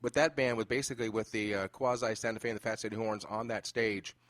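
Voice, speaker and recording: Low-voiced guy hosting a podcast, chatty storyteller, lots of uh and um, dry close sound. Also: fast, no echo. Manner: animated storyteller, many fillers. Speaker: podcast host. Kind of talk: casual interview chat.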